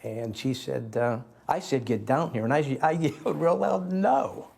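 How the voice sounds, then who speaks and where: A man giving a personal testimony as an interview guest, speaking haltingly and repeating words. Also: mid-range voice, creaky, darkish tone. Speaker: faith healer and author as a guest.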